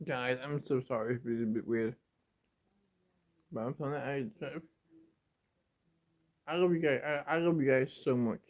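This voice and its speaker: A man's voice: mid-range voice, normal speed, pauses often. A young man talking straight to his camera in an emotional, rambling confessional, stumbling and repeating himself, close to tears. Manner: rambling and repetitive, stumbling over words. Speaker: vlogger. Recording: dull lo-fi home video.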